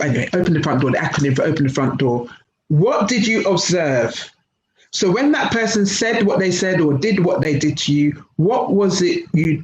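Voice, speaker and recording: A woman's voice: fairly low pitch, slight background noise. Woman presenting in an echoey room. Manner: direct, storytelling, varies pace. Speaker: workshop speaker. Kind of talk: webinar presentation with personal story. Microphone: video call.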